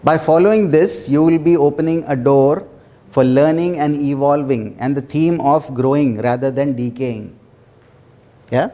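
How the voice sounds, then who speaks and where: A man leading a small self-development workshop, talking earnestly with repeated phrases and soft laughs. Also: a little high. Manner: earnest, repetitive, laughs softly between phrases. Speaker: workshop facilitator. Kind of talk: motivational workshop talk.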